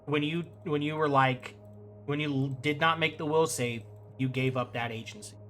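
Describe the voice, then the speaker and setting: A young man running a tabletop game as game master, explaining rulings in a relaxed way with fillers and restarts. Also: on the high side, normal speed, slight background noise.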